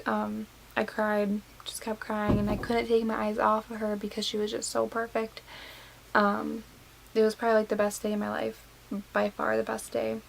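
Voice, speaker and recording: A young woman of nineteen talks casually to her camera in a gravelly, fry-laden voice, pausing often with fillers. She sounds teary and moved, her pitch sitting a little high but staying fairly flat. A faint hiss runs under the recording. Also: poor audio. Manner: emotional, many fillers and likes. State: tearful. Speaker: vlogger. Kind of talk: casual personal story to camera.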